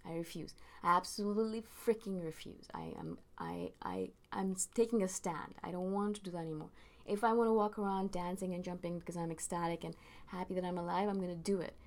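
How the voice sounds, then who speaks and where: Earnest woman with a low voice. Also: expressive, a little fast. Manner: earnest, emphatic, repeats phrases for stress. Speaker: spiritual vlogger. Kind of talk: casual motivational monologue to camera.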